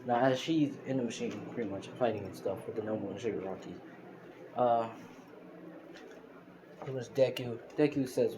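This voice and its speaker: A man's voice: medium pitch, moderate pace, long pauses. A man casually retelling a fan-made story, rambling with lots of fillers and restarts. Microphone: phone screen recorder. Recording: noisy phone recording.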